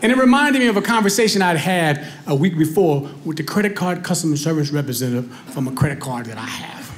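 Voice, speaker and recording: A man doing stand-up comedy on stage, telling stories in a conversational, animated way. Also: on the high side, fast talker, slight background noise. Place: comedy stage before a live audience.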